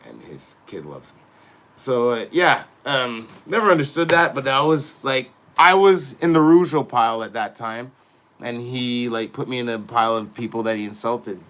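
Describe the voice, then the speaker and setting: Middle-aged guy ranting live, bright edgy voice, cussing nonstop, mumbles then blows up loud. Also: mid-range voice, moderate pace. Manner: animated, swears constantly, swings between mutters and loud outbursts. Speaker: podcast host, wrestler. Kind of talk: profane casual rant.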